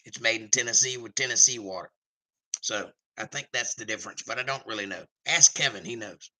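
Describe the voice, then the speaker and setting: A man's voice: mid-range voice, expressive, a little fast, bright, forceful tone, rough recording. A man hosting a casual live stream, reading chat comments aloud in a jokey, rambling way.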